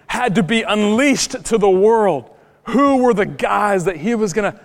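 A man's voice: sits high, big-room sound. A man pastor preaching a sermon in a church, emphatic and full of rhetorical questions.

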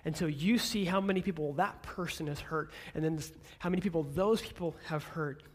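A male pastor in his thirties giving an earnest sermon, speaking gently and then building to emphatic declarations. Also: fairly high pitch, fairly quick.

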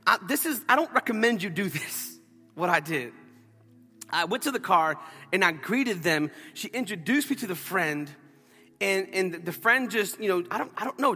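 A bright, high-pitched man preaches to his church, telling a story with playful asides. His voice rings out in a long-reverb sanctuary with faint music underneath. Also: breathy edge. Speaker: pastor. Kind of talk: sermon.

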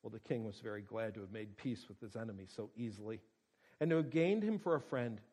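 A man reading a story aloud in a steady, expressive storytelling manner. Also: on the low side, fairly quick, low-quality recording. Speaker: narrator.

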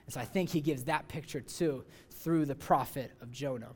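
A man's voice: medium pitch, moderate pace. A young man giving a casual sermon, talking conversationally with lots of fillers and acting out people's voices. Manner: conversational, many "like" fillers, acts out voices with rising excitement. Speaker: youth preacher.

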